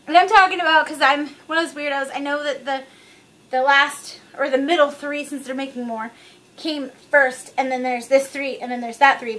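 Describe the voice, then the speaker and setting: A woman vlogs to camera in a chatty, rambling, openly profane way. Her voice sits high and sounds a bit bright.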